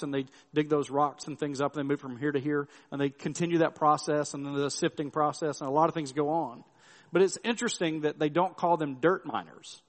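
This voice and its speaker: A man's voice: on the high side, long reverb tail. A middle-aged male pastor giving a sermon in a loose, storytelling way, with restarts and frequent tag questions.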